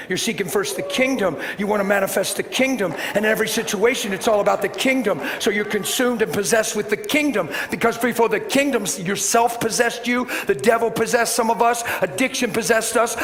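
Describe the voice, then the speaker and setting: A middle-aged man preaching a sermon, telling a story with animated swings from shouting to soft, hushed tones. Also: high-pitched, brisk, few pauses, slight background noise. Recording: echoey hall with faint ambience.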